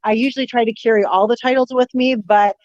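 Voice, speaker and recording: A woman guest, an author and researcher, talking in a relaxed way with frequent pauses and fillers. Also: on the high side, dry recording. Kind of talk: casual interview chat. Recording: dull lo-fi sound.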